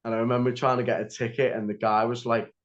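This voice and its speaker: A man's voice: medium pitch, level tone, fast talker. A young man telling a story as a podcast guest, rambling with lots of "like" and restarts. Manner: rambling, heavy use of "like" and restarts. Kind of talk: casual storytelling interview. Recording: slightly dull lo-fi audio.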